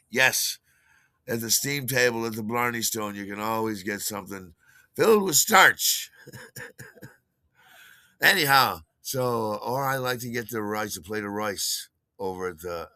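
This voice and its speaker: A man's voice: on the low side, pushed and bright, no echo. Rambling older male storyteller. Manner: rambling, many fillers and restarts, chuckles at own stories. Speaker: podcast host.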